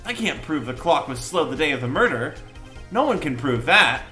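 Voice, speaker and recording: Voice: medium pitch, sing-song, normal speed, pushed and bright, faint music behind. A man voicing a flustered, anxious young male defense lawyer in a game. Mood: dejected. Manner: flustered, dejected.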